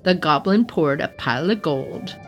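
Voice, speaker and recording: A woman reads a storybook aloud, her voice bouncing with lively, expressive pitch and playful asides. She sits on the lower side for a woman. Soft music plays faintly behind her. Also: moderate pace, muffled recording. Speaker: podcast storyteller.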